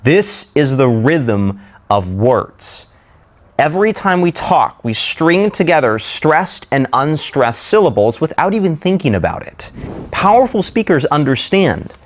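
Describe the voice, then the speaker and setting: Lively-voiced man teaching speech rhythm. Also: fairly high pitch. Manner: slow deliberate demonstrations of word stress. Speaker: speaking coach. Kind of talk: scripted instructional narration.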